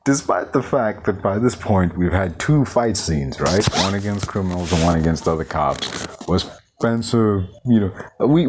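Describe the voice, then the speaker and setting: Deep-voiced guy ranting about a movie, swears a lot, voice jumps all over. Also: slight background noise. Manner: profane, sarcastic, ranting; animated, frequent fillers and self-interruptions. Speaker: film reviewer, show host. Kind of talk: casual spoken film review.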